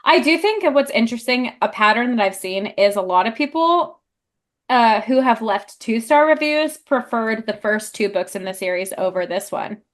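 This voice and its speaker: A woman's voice: fairly high pitch, expressive, normal speed. A young woman co-hosting a casual book podcast, chatty and full of fillers. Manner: chatty, lots of fillers, laughs easily. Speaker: podcast co-host.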